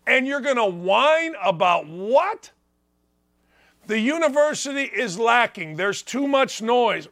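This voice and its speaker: A man's voice: extremely high pitch, big pitch swings, takes it slowly, a bit bright. A man in his sixties from northwest Indiana hosting a sports talk show, ranting and mocking in an opinionated monologue that keeps repeating its points.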